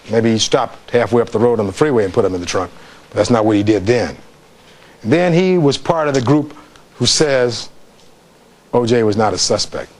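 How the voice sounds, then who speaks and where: A man's voice: mid-range voice, a little mellow. Guy lawyer doing closing args to the jury, reads back testimony, asks the jury questions, normal mid voice. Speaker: defense attorney. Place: courtroom.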